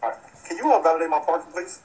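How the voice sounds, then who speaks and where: A man playing an easygoing celebrity in a comedy film scene, talking casually and rapidly. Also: a little high, animated, a little mellow, natural voice, poor audio.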